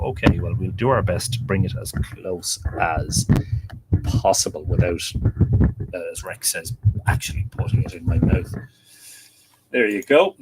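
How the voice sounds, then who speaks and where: There's background noise behind this Irish man's medium-pitched voice as he casually livestreams from home, a window open. Chatty, he reads comments aloud and answers them, speaking into a desk microphone that he adjusts during the stream.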